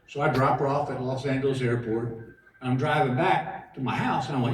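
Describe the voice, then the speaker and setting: A man's voice: medium pitch, fairly quick, far from the mic. A middle-aged man doing stand-up comedy, telling self-mocking stories and acting out every quote. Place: casino theater stage. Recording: echoey hall recording from afar with crowd noise. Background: audience laughter.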